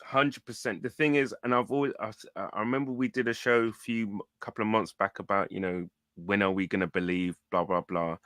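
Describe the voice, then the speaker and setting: Animated man, low voice, dry sound. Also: brisk, hardly any pauses, dry recording. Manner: animated, repeats words, "listen, man". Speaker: football fan show co-host. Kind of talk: casual match reaction chat.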